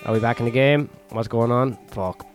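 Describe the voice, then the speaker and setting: A man's voice: mid-range voice, moderate pace, soft background music. A man vlogging in a rambling, profane monologue, ranting with lots of fillers and sounding sweaty and worn out.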